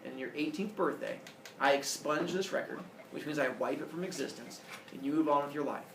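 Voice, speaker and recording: A man voicing a stern older male judge who lectures in a booming, emphatic way. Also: a little fast, background noise, lightly acted. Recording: echoey room, voice from far off.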